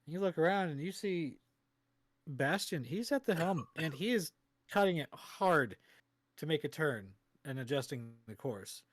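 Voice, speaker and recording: A man narrates a tabletop game on a live stream, casual and easygoing. His voice sits a little high and sounds dry and close. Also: expressive, moderate pace, no echo. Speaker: game master.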